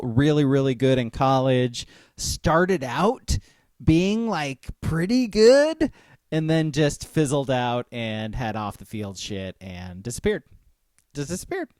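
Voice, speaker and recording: A man's voice: medium pitch, darkish tone, clear, resonant tone, no room sound, studio quality. A man co-hosting a sports podcast, wry and teasing as he runs the segments in casual chat. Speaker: podcast co-host.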